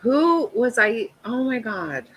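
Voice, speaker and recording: Slow, lively-pitched woman chatting live. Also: slightly rough, rough recording. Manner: blunt, profane, answers viewers' comments. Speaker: livestream host. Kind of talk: casual live chat reacting to a trial.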